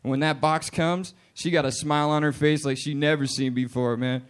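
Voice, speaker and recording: A man's voice: on the high side, steady tone, a little fast, smooth. A man in his late twenties doing a profane, punchy stand-up comedy set in a bar. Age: 20s. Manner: profane, loud, punchy delivery with put-on voices. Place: bar stage with live audience.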